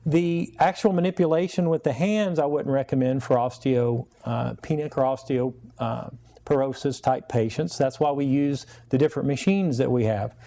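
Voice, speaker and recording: A man who is a chiropractor, a guest on a talk show, giving steady, plain explanations of his treatment. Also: medium pitch, moderate pace.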